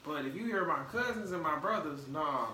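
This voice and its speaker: A man's voice: a little high, lively intonation, normal speed, sharp tone. Man with Southern-Detroit accent, echoey. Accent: light Southern mixed with Detroit. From American South, raised in Michigan. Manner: loose, slangy, rambling with restarts. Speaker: podcast host. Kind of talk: casual podcast chat on a live stream. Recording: echoey, distant mic with faint noise.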